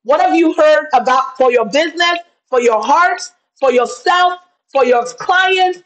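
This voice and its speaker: A high-pitched woman business coach, measured in pace and a bit bright in tone, live-streams a motivational talk through her video call webcam. She speaks with a preacher's fervor and calls everyone "y'all." The recording is rough.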